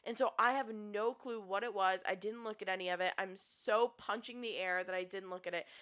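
A young woman in casual podcast chat, spilling reality-show gossip in an animated rush. Her voice is bright and forward, and she swears freely. She holds a mid-range pitch that is typical for a woman. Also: brisk. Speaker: podcast co-host.

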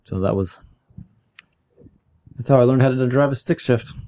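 A man's voice: medium pitch, moderate pace, mellow. A man chatting casually and telling a story from his working past. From California. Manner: storytelling, puts on voices when quoting people. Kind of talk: casual chat.

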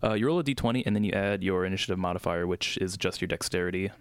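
A man's voice: deep voice, racing, clean tone. A young man running a tabletop game as dungeon master, explaining rules casually with plenty of fillers.

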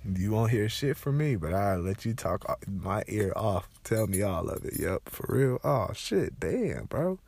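A man's voice: on the low side, measured pace, vocal fry, hardly any pauses, husky, no room sound. A young man with a congested, stuffed-up voice, telling loose, profane stories in a casual rant. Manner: loose, profane, animated storytelling.

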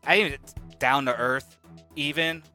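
A man's voice: mid-range voice, steady tone, normal speed, pushed and bright, soft background music. A man answering questions about his work as a cast member, hesitant and searching for words. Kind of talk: casual interview answer.

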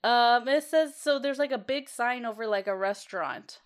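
A woman's voice: on the high side, normal speed. A woman co-hosting a podcast in casual chat, rambling and giggling, swearing freely. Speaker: podcast co-host.

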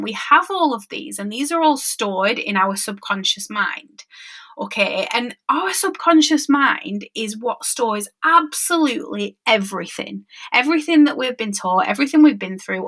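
Bright chatty woman. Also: on the high side. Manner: chatty, conversational, checks in with listeners often. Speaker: mindset coach and podcast host. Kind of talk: casual solo podcast talk.

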